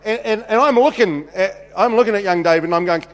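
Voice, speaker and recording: NZ man preaching, jokey storyteller, slightly high voice, echoing hall. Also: brisk. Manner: chatty, jokey, many restarts and "you know"s. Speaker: pastor. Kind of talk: humorous sermon storytelling. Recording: reverberant hall.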